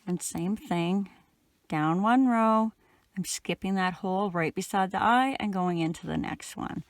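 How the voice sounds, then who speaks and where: A middle-aged woman from Canada giving a relaxed, chatty step-by-step crochet tutorial while she works. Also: mid-range voice, a little slow, no echo. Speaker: crochet instructor.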